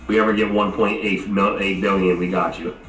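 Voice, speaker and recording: A man's voice: deep voice, little pitch movement, a little fast, fairly bright tone. A man in his thirties, co-hosting a podcast, telling crude stories with lots of swearing and laughter over a remote call. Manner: rambling, laughing, swears a lot. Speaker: podcast co-host. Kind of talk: casual crude chat. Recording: roomy echo, distant from mic, faint music.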